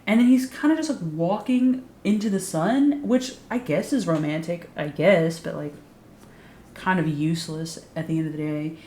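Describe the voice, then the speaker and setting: A woman's voice: fairly low pitch, moderate pace, a little mellow, roomy sound, slight background noise. A woman giving a casual, sarcastic recap of a TV show, swearing freely and saying "like" a lot. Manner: sarcastic, profane, frequent "like" fillers. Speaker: YouTube recap host.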